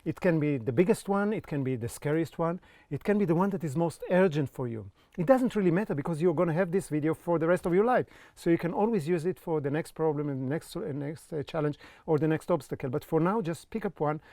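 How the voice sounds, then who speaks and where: A man's voice: a little high, fast, mellow, dry recording, clean studio sound. A man teaching an online creativity course, speaking directly to the viewer and walking them through exercises with frequent check-ins. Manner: encouraging, checks in with frequent "okay?"; talks straight to the viewer, giving step-by-step tasks. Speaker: creativity coach.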